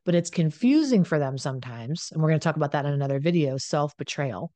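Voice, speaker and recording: A woman's voice: sits low, lively intonation, fast, warm tone, no room sound. A woman coaching on addiction and relationships, talking frankly and conversationally, repeating phrases for emphasis. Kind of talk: direct-to-camera advice monologue.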